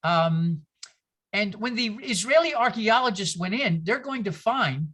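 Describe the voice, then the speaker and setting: Bright-voiced man teaching a congregation. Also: normal speed. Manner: animated, jumps in pitch for emphasis, frequent asides and self-interruptions; asks the audience rhetorical questions. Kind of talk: informal teaching talk to a congregation.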